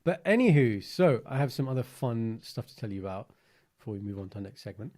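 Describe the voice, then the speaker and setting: A man, co-hosting a podcast in a chatty, animated storytelling way with lots of fillers. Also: mid-range voice, quick pace. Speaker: podcast co-host. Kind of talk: casual chat.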